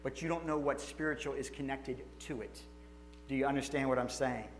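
A man, a pastor telling stories in a sermon with animated, emotional delivery, acting out quotes and restarting his sentences. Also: medium pitch, brisk, faint music behind. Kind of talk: sermon storytelling.

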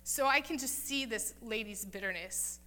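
Woman chatting thru a bible story sermon, bright higher voice, acts out the lines. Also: moderate pace. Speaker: Bible teacher.

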